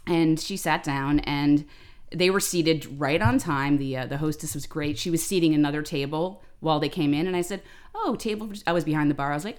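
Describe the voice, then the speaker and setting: A woman co-hosting a podcast, telling stories in a lively, ranting, freely swearing way. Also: low voice, brisk. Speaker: podcast co-host. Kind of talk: casual chat, storytelling.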